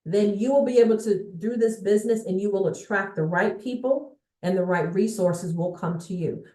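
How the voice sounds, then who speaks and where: A woman's voice: medium pitch, warm tone. Emphatic woman coaching in an echoey room. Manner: emphatic, checks in often with the audience. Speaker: sales and business coach. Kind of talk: motivational coaching talk to viewers. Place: indoor room with a bookshelf behind her.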